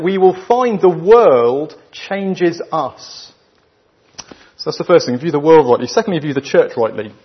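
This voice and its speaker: A man with a British accent preaching a sermon to a church, emphatic and full of rhetorical questions, leaving weighty pauses between his phrases. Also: fairly high pitch, lively intonation, husky. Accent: British English. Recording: dull lo-fi recording.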